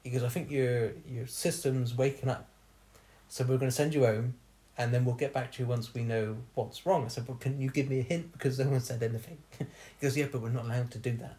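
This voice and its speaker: A man on a podcast spins a long personal tale in loose, casual chat. He laughs often as he talks, and his voice sits at an ordinary middle pitch. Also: fairly even intonation, a little fast, mellow. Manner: laughs often while telling stories. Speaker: podcast host.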